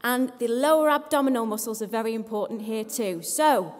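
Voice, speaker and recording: A woman speech and language therapist leading a live audience through breathing and voice exercises in a brisk, encouraging, lightly self-deprecating way. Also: a little high. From England. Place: conference hall with audience. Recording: long hall reverb.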